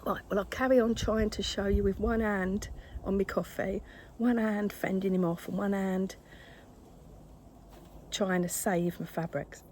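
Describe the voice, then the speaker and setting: A woman's voice: mid-range voice, steady tone, unhurried, a little mellow, slight background noise. An older woman, chatting casually to camera at her craft table at home, scolding her cat in exasperation. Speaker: craft vlogger.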